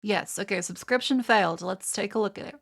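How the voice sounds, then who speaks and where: A woman's voice: medium pitch, brisk, creaky, fairly bright tone. A woman with an Australian accent, chatting casually on a livestream and swearing freely. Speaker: streamer.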